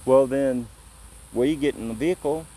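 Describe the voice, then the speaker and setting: A man from Illinois tells his story outdoors in a plain, easygoing way, acting out both sides of the exchange. His voice is mellow and dark, at an ordinary pitch, with a faint hiss of outdoor noise behind it. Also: normal speed, poor audio. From Illinois, USA. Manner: plain-spoken, retells events through quoted back-and-forth. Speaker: visitor telling what happened to him. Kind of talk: casual spoken storytelling.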